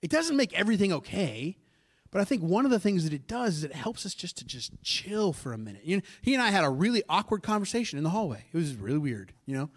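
A fairly high-voiced man preaches as if chatting with friends. He tells a personal story in a lively, conversational way, throwing asides to the congregation. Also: fast. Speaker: pastor. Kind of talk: sermon storytelling.

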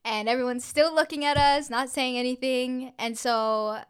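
Smooth-voiced young woman telling a wild story. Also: sits high, normal speed. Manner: animated, swears a lot, acts out quotes with filler "like". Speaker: podcast co-host. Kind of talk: casual storytelling chat.

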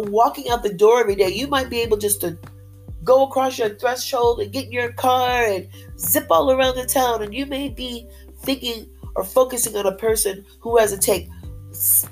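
A woman's voice: medium pitch, poor audio. A woman giving an upbeat, faith-based motivational talk straight to her listeners. She talks with a lot of pep and repeats her phrases for emphasis. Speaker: motivational speaker.

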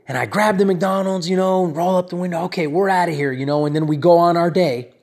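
Rambling storyteller man with a higher voice. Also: fairly quick. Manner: animated, rambling, often asks "right?" and "you know?". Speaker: speaker addressing his audience. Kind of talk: personal storytelling with a lesson.

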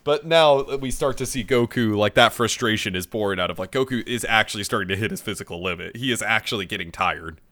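Man, casual podcast recap, laughs a lot, swears, bright forceful voice, low-ish pitch. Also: fast, few pauses. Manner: laughs often, swears, acts out characters' lines. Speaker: podcast co-host recapping an anime episode. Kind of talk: casual chat.

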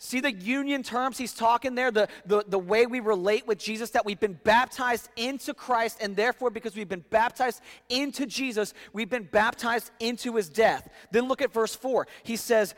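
High-pitched guy preaching, emphatic, repeats himself, lots of hall reverb behind him. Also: moderate pace, hardly any pauses, fairly bright tone. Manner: emphatic, repeats words, reads scripture aloud. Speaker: pastor. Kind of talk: sermon.

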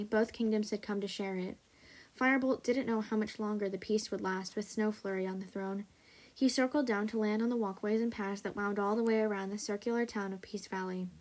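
Woman, podcast host, reads a story aloud, steady even narration. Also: mid-range voice.

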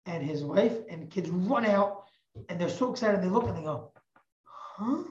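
A woman teacher telling a religious parable in an animated, emphatic way, often repeating phrases. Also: lowish voice, normal speed, slight background noise. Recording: echoey, muffled recording.

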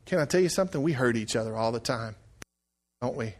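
A middle-aged man preaching a sermon, telling stories that swing from quiet, hushed lines to loud shouted outbursts. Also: mid-range voice, animated, fast. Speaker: pastor.

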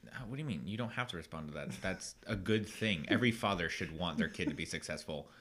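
A man co-hosting a podcast in casual chat, rambling with many fillers and restarts and quick to laugh. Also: low voice, lively intonation, fairly bright tone. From United States. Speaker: podcast co-host.

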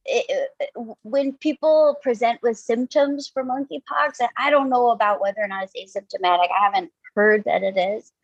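A woman's voice: a little high, normal speed, breathy edge, no room sound, highs cut off. A woman guest doctor explaining things in casual podcast chat, self-conscious and laughing often.

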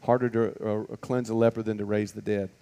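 A man's voice: on the low side, level tone, a little fast, dark tone. A man teaching a Bible lesson to a group in a conversational way, asking many rhetorical questions and stopping on fillers.

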